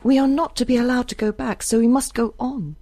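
A woman's voice: fairly high pitch, steady tone, fairly quick, dark tone, no room sound, pitched above the performer's own voice. A woman voicing a cool, determined young woman who speaks dryly and intensely in an audiobook. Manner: dry, intense.

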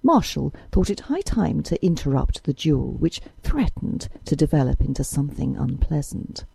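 Woman reading a novel, husky and creaky, up-and-down delivery. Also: low-pitched, big pitch swings, normal speed, warm tone, no echo, rough recording. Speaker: audiobook narrator. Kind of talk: scripted narration.

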